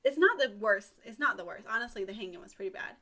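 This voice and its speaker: A woman's voice: mid-range voice, lively intonation, quick pace, pushed and bright. A young woman co-hosting a podcast, retelling a story in a chatty, irreverent way. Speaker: podcast co-host. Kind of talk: casual storytelling.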